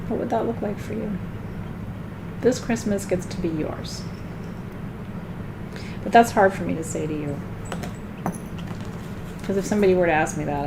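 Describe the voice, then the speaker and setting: A woman doing a live tarot card reading in a chatty way, laughing often and getting loud when she jokes. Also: mid-range voice, background noise.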